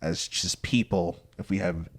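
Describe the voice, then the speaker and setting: A man's voice: low voice, steady tone, measured pace. A man hosting a podcast, rambling through playful hypothetical scenarios in casual chat. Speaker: podcast host.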